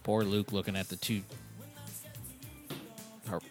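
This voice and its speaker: A man's voice: lowish voice, flat delivery, slow, music in the background. A man hosting a podcast in casual chat, laid-back and laughing often. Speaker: podcast host.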